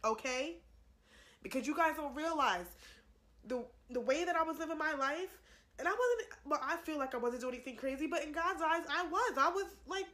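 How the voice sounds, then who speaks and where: Speaking to camera at normal speed, a young woman with a high, sharp voice and lively intonation shares an earnest religious testimony. She pleads repetitively with the people watching, calling them "y'all" and saying things again for emphasis.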